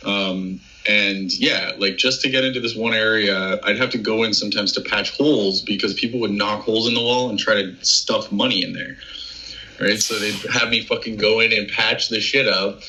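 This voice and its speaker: A rambling, self-mocking man chatting as a podcast guest, with a very bright, forceful voice. His audio comes through dull and lo-fi, like a call, and he swears and laughs a lot. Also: lowish voice, steady tone, moderate pace. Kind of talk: casual chat.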